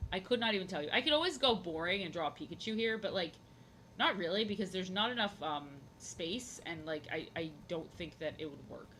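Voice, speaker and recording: A woman's voice: lowish voice, animated, a little fast, a bit bright, a little hiss or hum. Rambling young woman chatting while drawing. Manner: rambling, goofy, repeats herself. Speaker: art streamer. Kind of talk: casual drawing stream chat.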